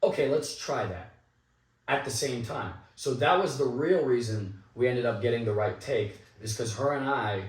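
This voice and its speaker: A man's voice: mid-range voice, moderate pace, hardly any pauses, distant mic. A young man, an actor guest in an interview, telling anecdotes casually and animatedly, acting out the people in his stories. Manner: animated anecdotal storytelling with quoted asides. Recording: echoey room, a bit off mic.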